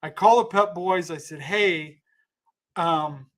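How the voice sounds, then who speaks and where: Man, slightly higher voice, loose chatty storyteller who restarts sentences. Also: slow, a bit bright. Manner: rambling, self-correcting, thanks donors mid-story. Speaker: comedian telling a story on a livestream. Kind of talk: casual storytelling.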